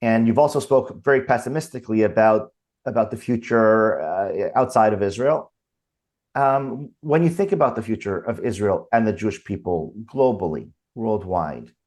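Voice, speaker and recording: A man's voice: lowish voice, lively intonation, normal speed, darkish tone. A man hosting an interview and asking questions, hesitant and searching for his words. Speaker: podcast host, cantor.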